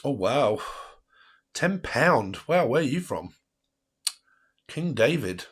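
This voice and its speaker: A man's voice: mid-range voice, big pitch swings, husky. A man who hosts a tarot livestream and chats casually with viewers, rambling and laughing often. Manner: rambling, chatty, quick to laugh. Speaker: tarot reader hosting a livestream.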